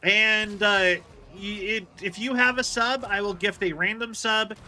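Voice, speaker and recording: A man's voice: high-pitched, steady tone, unhurried, bright, forceful tone. A man streaming a video game, chatting casually and explaining things at length with lots of fillers. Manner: rambling, explains with many fillers. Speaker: livestreamer.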